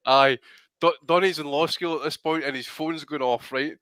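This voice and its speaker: Bright-voiced man telling stories. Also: on the high side, moderate pace, clean tone, dry recording. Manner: animated, profane storyteller. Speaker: podcast co-host. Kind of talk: casual chat.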